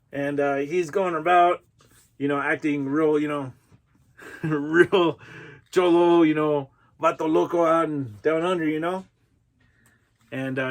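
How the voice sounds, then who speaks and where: Male reviewer, easygoing and slangy, filler-heavy casual delivery, voice sits a bit high. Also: a bit bright. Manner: laid-back, slangy, constant "you know" fillers. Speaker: movie reviewer. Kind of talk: casual movie recap.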